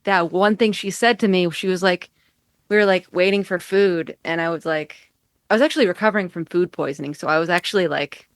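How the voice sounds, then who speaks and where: An American woman with a lowish voice chats as a podcast guest, rambling from thought to thought and leaning on "like" at every turn. Her voice is dry and close, with no room sound around it. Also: fairly quick, dry recording. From United States. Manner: rambling, heavy use of "like". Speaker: musician guest. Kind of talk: casual chat. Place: home in upstate New York.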